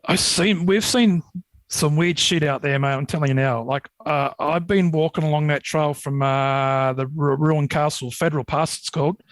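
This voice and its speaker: Australian man, casual rambling yarns, slightly high voice, dry studio mic. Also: moderate pace, dry recording, rough recording. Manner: rambling, animated when retelling scares. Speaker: podcast guest, Yowie researcher. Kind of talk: casual storytelling.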